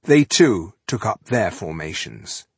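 Husky, low-voiced male audiobook narrator. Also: big pitch swings, slow pace, no echo.

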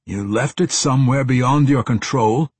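A male narrator voicing an agitated older man who scolds loudly and in disbelief. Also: medium pitch, slow, husky, no echo, pitched above the performer's own voice, heavily acted. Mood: incredulous. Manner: loud, incredulous, scolding.

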